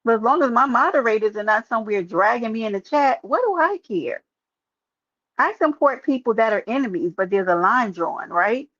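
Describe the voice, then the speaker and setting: A woman live streamer, sharing her opinion in casual, animated talk and calling out viewers in chat by name. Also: mid-range voice, no room sound, lo-fi sound.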